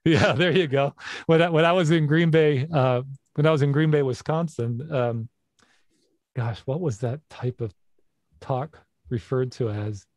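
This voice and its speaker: A man's voice: mid-range voice, unhurried, darkish tone, no room sound. A middle-aged man hosting an interview in a casual, reflective way, laughing often. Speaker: podcast host.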